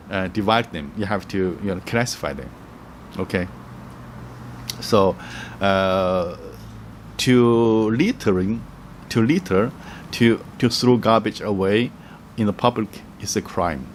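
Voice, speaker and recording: A man giving travel tips in a casual, halting way, with many fillers, restarts and frequent chuckles. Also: lowish voice, a little hiss or hum. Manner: chuckles often, acts out little quoted voices. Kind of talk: casual explaining to camera.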